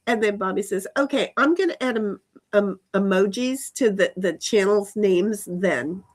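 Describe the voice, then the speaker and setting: Casting: woman live-streaming outdoors, loose rambly chat, mid pitch, casual swearing. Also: animated, measured pace. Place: backyard outdoors.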